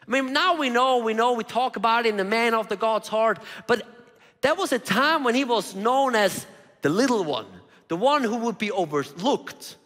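A male preacher with a high, very lively voice, talking casually through his sermon and pausing on rhetorical questions. He acts out the people he quotes. The hall around him adds a long echo. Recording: reverberant hall.

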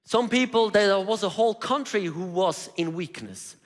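A male preacher with a high, very lively voice, talking casually through his sermon and pausing on rhetorical questions. He acts out the people he quotes. The hall around him adds a long echo. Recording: reverberant hall.

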